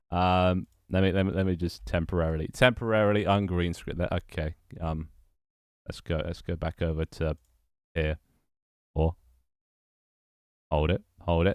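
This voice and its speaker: A man's voice: low voice, fairly even intonation, normal speed, pauses often, clean tone, dry recording, studio quality. A young man chatting casually on a livestream, rambling and repeating his phrases as he greets viewers. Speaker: streamer and game developer.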